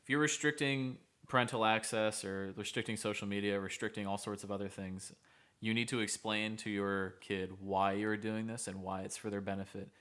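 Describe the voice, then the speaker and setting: A man co-hosting a podcast, a therapist speaking in an earnest, measured, advising way in casual chat. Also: lowish voice, fairly even intonation, a bit bright, clean tone.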